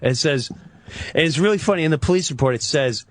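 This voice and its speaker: A man's voice: fairly high pitch, fairly quick, no room sound. A man telling a comic story as a radio guest, acting out the voices of everyone in it. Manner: animated, acts out voices. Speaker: comedian guest.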